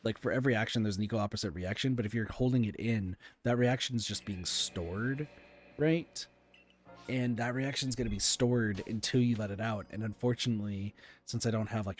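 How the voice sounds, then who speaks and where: A man's voice: lowish voice, slight background noise. A man streaming a game, chatting casually and rambling through his frustrations with plenty of fillers and restarts. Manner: rambling and candid, full of fillers and restarts, venting. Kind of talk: casual stream chat while playing.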